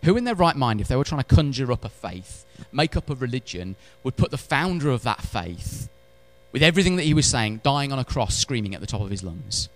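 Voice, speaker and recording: A man preaching a sermon in church, animated, swinging between loud emphatic lines and hushed ones, with wry humorous asides. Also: mid-range voice, brisk, soft background music. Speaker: pastor.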